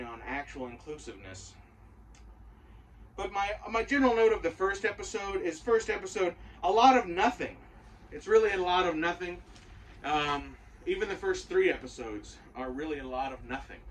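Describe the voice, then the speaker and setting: A man's voice: high voice, a bit bright, far from the mic, rough recording. A man giving a casual, rambling and profane spoken review of a show, full of opinions.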